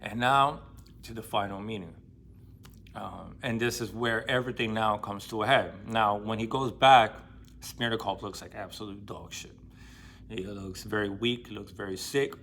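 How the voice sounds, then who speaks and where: Speaking at a normal speed with a fairly low, slightly bright voice, a male book vlogger retells a novel's story casually, full of slang, fillers and false starts. Slight background noise can be heard.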